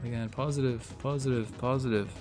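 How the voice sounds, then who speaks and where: A man's voice: medium pitch, steady tone, brisk, music in the background. A young Irish man chatting casually while streaming a football management game, reacting aloud and swearing freely. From Ireland. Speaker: gaming streamer. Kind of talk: casual live-stream commentary.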